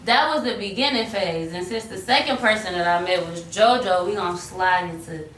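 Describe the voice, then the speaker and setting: A woman's voice: mid-range voice, normal speed. A young woman casually telling a story about her music career, acting out quotes and slipping into bits of song. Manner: animated, acts out quotes and slips into singing. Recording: roomy sound from a distant mic, faint hiss.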